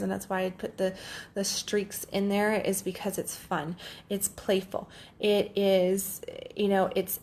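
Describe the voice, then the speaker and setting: A woman life coach talking casually and candidly on a solo podcast, swearing freely and telling stories with lively quoted voices. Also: medium pitch, vocal fry. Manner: animated storyteller, quotes others in lively voices.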